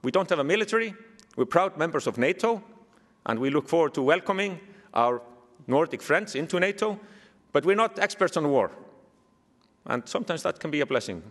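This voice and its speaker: A man's voice: a little high, fairly quick. A man with an Icelandic accent giving a keynote speech, telling stories with dry humor. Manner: lively storytelling with dry humor. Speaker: keynote speaker. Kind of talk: speech to an audience. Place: large museum hall. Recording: echoey hall reverb.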